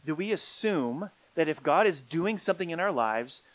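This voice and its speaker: A middle-aged man preaching a sermon, swinging from quiet, low stretches up to emphatic peaks. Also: expressive, normal speed, rough recording. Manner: rising to emphatic peaks, then dropping quiet. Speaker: pastor.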